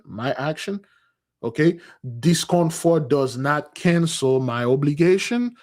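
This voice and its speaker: A man giving a livestream sermon in a loose, conversational way, repeating phrases and calling his listeners "beloved", with his voice swinging between loud and soft. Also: mid-range voice. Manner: repetitive, calls listeners "beloved". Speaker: spiritual teacher leading a community fast.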